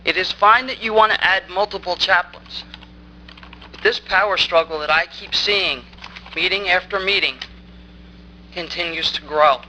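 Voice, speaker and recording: A woman's voice: lowish voice, pushed and bright, slight background noise, low-quality recording. A woman resident speaking at public comment during a town council meeting, angry, accusing and insistent.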